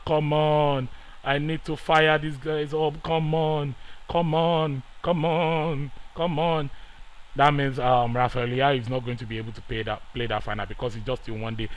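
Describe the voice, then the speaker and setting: A man giving excitable live commentary over a football management game, swinging between quiet muttering and loud pleading outbursts. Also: on the high side, rough recording. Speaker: gaming YouTuber.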